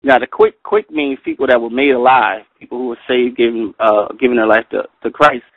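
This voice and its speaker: A middle-aged man leading a Bible study, reading verses slowly and carefully, then telling personal stories with animated delivery. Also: mid-range voice, dry recording. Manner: animated storyteller, reads scripture slowly and carefully. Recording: tinny phone line, dry.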